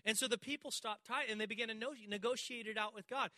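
A male pastor delivers a sermon, telling stories and acting out dialogue with people in the congregation. His voice sits high and rings very bright and sharp. The sound is close and dry. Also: quick pace, few pauses, no room sound. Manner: animated storytelling, acting out dialogue with congregation members. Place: church.

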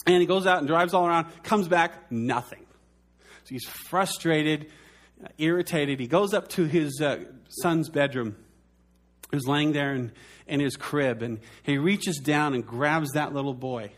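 A man in his forties, a pastor preaching a sermon in an earnest way, slowing down and dropping his voice soft for emphasis. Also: fairly high pitch.

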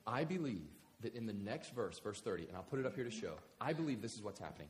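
A male pastor preaching a sermon in a casual, conversational way, animated and storytelling. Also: lowish voice, fast, a little hiss or hum.

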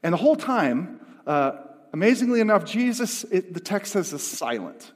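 A man's voice: high voice, big pitch swings, moderate pace. Man preaching with dynamic swings. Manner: dynamic, swings from hushed to emphatic. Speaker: pastor. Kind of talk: sermon. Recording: long hall reverb.

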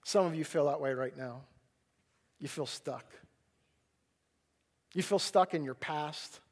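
A male pastor preaching a sermon, telling a personal story with animated delivery and acting out his own panicked voice. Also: a little high, slow pace.

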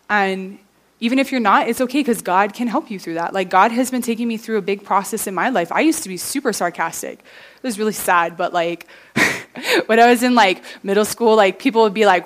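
A woman's voice: mid-range voice, a little fast. A young woman giving a casual, earnest youth sermon, full of fillers like "like" and "you know", ending in prayer. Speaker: youth speaker.

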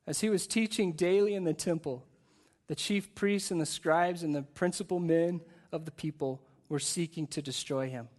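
A man preaching a sermon to a church service, in an energetic, conversational way with frequent repeated words. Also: on the high side, moderate pace. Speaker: guest pastor.

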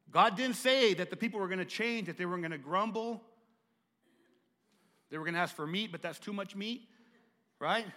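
In a large hall, a high-pitched middle-aged pastor preaches a sermon. He stutters and repeats words, moving between hushed tones and loud, emphatic passages.

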